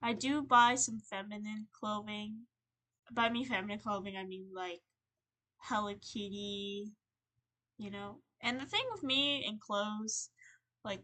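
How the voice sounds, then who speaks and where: A young woman on a livestream, venting in a rambling, halting, earnest way, full of fillers and restarts. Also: mid-range voice, pushed and bright. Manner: earnest and emotional. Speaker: streamer.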